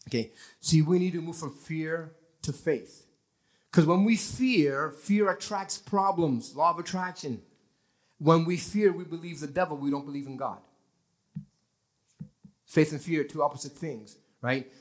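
A male pastor preaching a lively sermon in a church, acting out scenes and quoting scripture. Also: fairly high pitch, unhurried. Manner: animated preaching, acting out people straining to believe.

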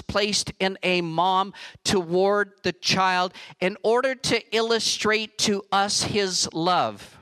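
A man delivering a sermon with an earnest, emphatic preaching manner. His voice sits high and rings bright and crisp. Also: low-quality recording. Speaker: pastor.

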